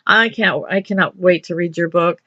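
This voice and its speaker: A woman's voice: on the low side, moderate pace, pushed and bright, no echo, muffled recording. A woman hosting a radio interview, speaking effusively and rambling through restarts. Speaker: radio host.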